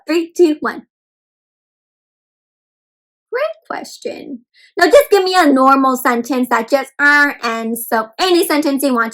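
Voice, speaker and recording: A woman's voice: high-pitched, a bit bright, rough recording. A woman hosting a children's read-aloud, teaching young kids in an encouraging sing-song way, often calling them friends. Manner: encouraging, repeatedly addresses listeners as friends; bouncy sing-song teacher delivery with counted prompts.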